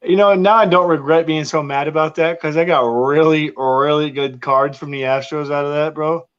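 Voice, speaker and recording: Casual co-host, man, teasing banter, slightly high voice, dull lo-fi recording. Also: fairly even intonation, moderate pace, smooth. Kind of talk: casual chat. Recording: dull lo-fi sound.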